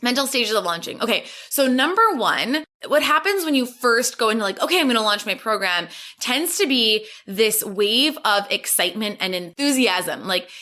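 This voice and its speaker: A woman's voice: mid-range voice, expressive, a little fast, pushed and bright. A woman hosting a solo business podcast, giving an upbeat, encouraging talk and acting out her clients' anxious inner voices. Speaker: podcast host and business coach.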